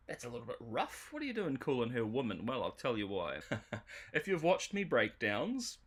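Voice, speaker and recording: A man's voice: medium pitch, fairly bright tone. A man reviewing a show on a livestream, ranting in an exasperated, sarcastic way. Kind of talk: livestream commentary.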